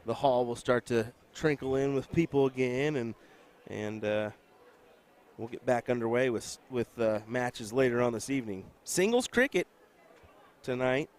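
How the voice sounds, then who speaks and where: A man's voice: medium pitch, moderate pace. Dry, teasing male darts commentator. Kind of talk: live sports commentary. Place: casino event hall.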